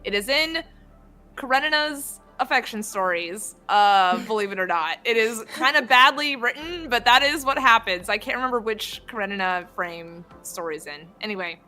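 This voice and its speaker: A woman's voice: fairly high pitch, animated, normal speed, bright, forceful tone, soft background music. A woman co-hosting a casual show, laughing often and reading game lines aloud. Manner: giggly, playful, switches into character readings. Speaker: podcast co-host.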